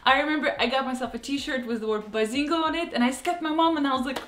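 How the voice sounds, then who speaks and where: Young female vlogger, Russian accent, high pitch, playful and animated; echoey room, faint music bed. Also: fast talker, hardly any pauses. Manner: animated, playful, exaggerated emphasis. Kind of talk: casual vlog commentary.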